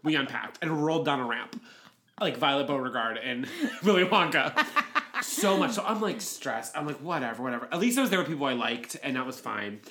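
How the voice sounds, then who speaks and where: A man co-hosting a podcast, telling a story in casual chat, laughing often and jumping into high quoted voices. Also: expressive, a little fast, bright, forceful tone. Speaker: podcast co-host.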